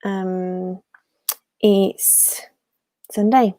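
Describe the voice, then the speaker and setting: A young woman chats loosely on a home live stream. She rambles and restarts in a soft, mellow voice. The sound is dry and close. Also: medium pitch, little pitch movement, drawn-out words, no echo. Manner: chatty and rambling, with many fillers and restarts. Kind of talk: casual live stream chat.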